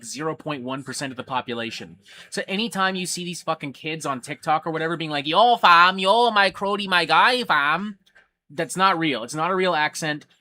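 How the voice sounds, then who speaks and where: Picture a male livestream host with a bright, forceful tone, his voice sitting a little higher than most men's. He talks casually and rants bluntly, cursing freely as he reads out and answers his viewers' questions. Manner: swears a lot and rants bluntly.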